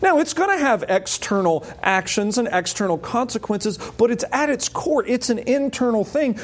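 A man preaching an expository sermon, emphatic, with wry asides and high urgent peaks on key points. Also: expressive, normal speed, few pauses. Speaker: pastor.

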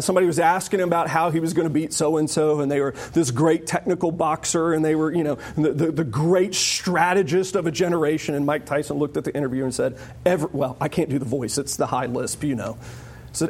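A man preaching a sermon in a lively, joking way, often acting out the voices of the people he quotes. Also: fairly high pitch. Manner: animated, jokey, acts out quoted voices. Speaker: pastor.

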